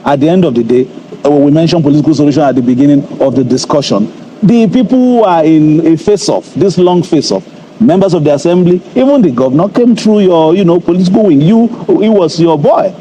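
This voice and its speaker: A man's voice: a little high, expressive, a little fast, warm tone, a little hiss or hum, low-quality recording. Polite, persistent male interviewer. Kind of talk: news interview questioning.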